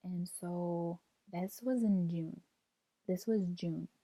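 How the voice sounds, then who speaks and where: A woman's voice: on the low side, slow pace, dark tone, no room sound. A young woman in her twenties telling a personal story in a vlog, rambling with lots of "like" and near tears. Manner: rambling, fills speech with "like", retells quotes. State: near tears, holding back crying. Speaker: vlogger.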